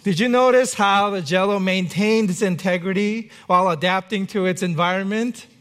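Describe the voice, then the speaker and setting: Male pastor, high voice, relaxed conversational sermon with dry humor. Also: moderate pace. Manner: conversational preaching with light humor.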